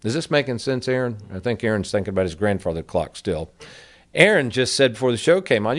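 A middle-aged man who advises on annuities hosts a radio advice show, talking about money in a casual, folksy way and calling his listeners folks. His voice is mid-range and brisk, with lively intonation.

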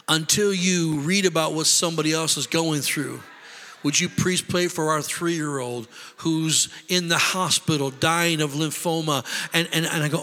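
A man's voice: on the high side, normal speed, bright, forceful tone. A middle-aged man preaching a sermon as pastor, impassioned and conversational, repeating himself for emphasis. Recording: long hall reverb.

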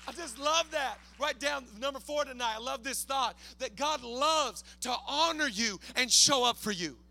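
A man preaching a sermon to a church congregation, moving from quiet, casual asides to loud, energetic climaxes and acting out biblical characters in slang. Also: very high-pitched, moderate pace. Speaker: pastor. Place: church sanctuary.

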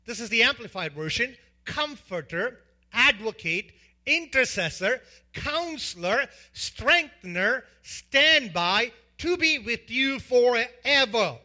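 A man's voice: extremely high pitch, lively intonation, slow, bright, forceful tone. A man preaching a sermon as pastor, emphatic, repeating lists of words and asking the congregation questions.

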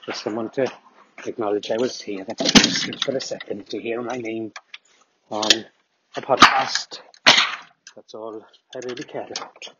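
A man's voice: on the low side, steady tone, unhurried, pauses often, muffled recording, very noisy, voice pushed down, natural voice. A man voicing a grumpy middle-aged Welsh listener who scolds and whines in a Welsh accent. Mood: needy. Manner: indignant, scolding, rising whine.

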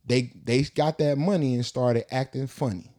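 A man co-hosting a podcast in casual chat, telling animated, slangy stories. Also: medium pitch, moderate pace. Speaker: podcast co-host.

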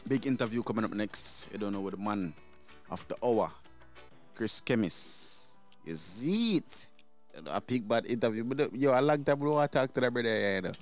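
A man's voice: medium pitch, animated, normal speed, soft background music. A man hosting a podcast, chatting casually in laid-back patois slang. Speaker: podcast host. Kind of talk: casual chat.

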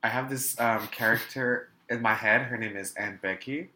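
A man co-hosting a casual podcast, talking in a campy, gossipy way with quick asides. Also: mid-range voice, fairly even intonation, sharp tone, echoey room. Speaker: podcast co-host. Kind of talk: casual chat reviewing a drag competition show.

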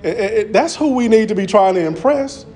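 A man's voice: sits high, expressive, normal speed, a little mellow, faint music behind. Earnest man preaching a sermon. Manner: earnest, repetitive, stammering restarts.

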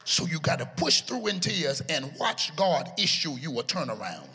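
A man preaching a sermon in a chanting, sing-song style, his voice rising into shouts at its peaks. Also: on the high side, big pitch swings, normal speed, husky. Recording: echoey hall with music behind.

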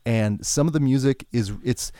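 Guy cohosting a music podcast, warm low voice, rambly and excited, dry close sound. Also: normal speed, no room sound. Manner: rambling, enthusiastic, restarts often. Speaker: podcast co-host. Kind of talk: casual chat about music.

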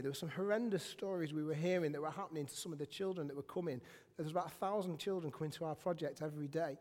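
Animated English preacher in a reverberant church. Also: male voice, on the high side, fast talker. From England. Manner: animated, self-deprecating storytelling with bursts of shouting. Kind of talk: sermon. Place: church sanctuary. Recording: church hall with long reverb.

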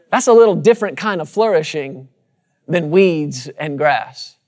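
Guy preaching to his church, kinda high voice, repeats lines for rhythm, asks the crowd stuff. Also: animated, measured pace, darkish tone. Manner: rhythmic repetition, calls out to the congregation. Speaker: pastor. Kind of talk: sermon. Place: church sanctuary with congregation.

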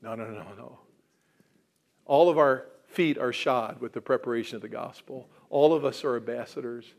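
A male pastor delivering a sermon, swinging from loud emphatic declarations to quiet asides and questioning the congregation. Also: mid-range voice, a little fast, gravelly.

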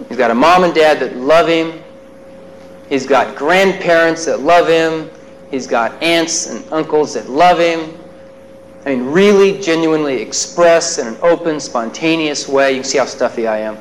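A man's voice: fairly high pitch, slight background noise, rough recording. A male psychologist telling a personal story in a workshop lecture, with self-deprecating, chuckling asides. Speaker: psychologist giving a workshop talk.

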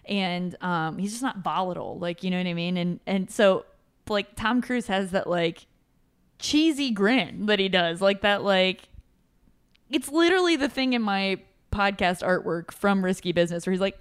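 A woman's voice: medium pitch, expressive, normal speed, smooth. A woman hosting a podcast, chatting casually and animatedly with lots of filler words. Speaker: podcast host. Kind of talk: casual chat.

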